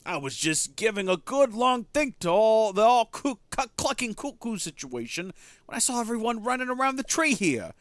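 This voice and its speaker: A man's voice: sits high, sing-song, moderate pace, a bit bright, no room sound, pitched above the performer's own voice. A man voicing an upbeat, chummy male bird reporter greeting his partner.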